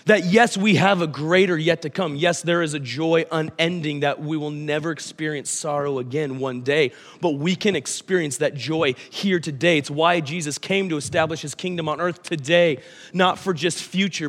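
Man, pastor, lively storytelling sermon, slightly high voice, long church echo. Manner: storytelling, animated, acts out his son's lines. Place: church hall. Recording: church hall with long reverb.

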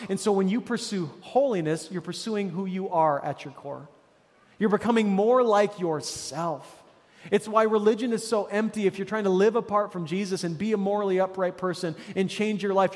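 A man's voice: high-pitched, normal speed, long reverb tail. A man preaching a sermon as a pastor, casual and conversational, with frequent restarts and an encouraging tone.

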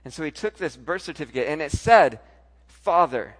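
A man with a fairly high voice preaches a sermon, telling a personal story in a fast, animated way. His delivery shifts from soft, intimate lines to loud, emphatic ones.

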